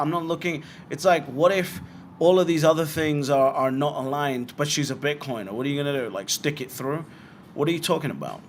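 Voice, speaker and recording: A man's voice: fairly high pitch, slight background noise. Blunt, swearing young man host. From Britain. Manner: blunt, swearing, animated asides. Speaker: bitcoin livestream host. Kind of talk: casual livestream chat answering viewer questions.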